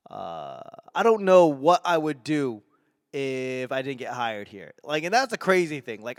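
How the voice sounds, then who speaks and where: A man in his forties from the Boston area with a softened Boston accent, rambling and self-mocking on his own podcast. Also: mid-range voice, smooth, no echo, studio quality. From Boston area, New England. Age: 40s. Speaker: podcast host and stand-up comedian. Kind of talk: solo casual podcast rambling.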